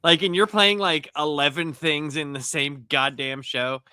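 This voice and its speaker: Bright, animated, swearing male panelist. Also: a little high, unhurried, smooth, no room sound. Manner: animated, profane, laughs while telling stories. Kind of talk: casual panel debate.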